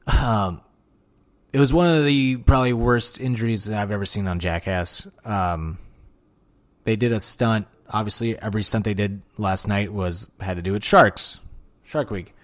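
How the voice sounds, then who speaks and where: A man hosting a podcast alone, talking casually and excitedly, with lots of swearing and filler words. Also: on the low side, moderate pace. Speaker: podcast host. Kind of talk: casual solo podcast monologue.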